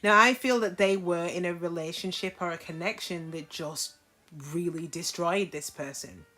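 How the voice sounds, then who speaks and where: A woman's voice: lowish voice, moderate pace, sharp tone. A woman giving a casual tarot reading to camera, frank and chatty, often checking in with her listeners. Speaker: tarot reader.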